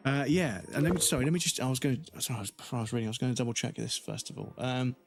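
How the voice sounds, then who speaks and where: A man livestreaming a video game, talking to his chat in a loose, rambling way. He swears freely and laughs often, at a middle pitch. Faint game music plays behind him. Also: animated, rapid-fire. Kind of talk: casual gameplay livestream chat.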